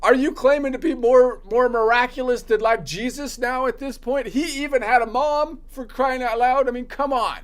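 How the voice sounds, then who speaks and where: High-voiced man ranting sarcastically. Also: moderate pace, few pauses. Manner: sarcastic ranting delivery with mocking quoted voices. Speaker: comedian practicing jokes. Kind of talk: stand-up comedy practice.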